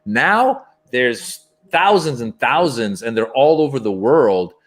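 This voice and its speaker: A man's voice: mid-range voice, takes it slowly. A man, a stand-up comedian, telling anecdotes in a casual interview and acting out voices as he goes. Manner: animated, acts out voices in his anecdotes.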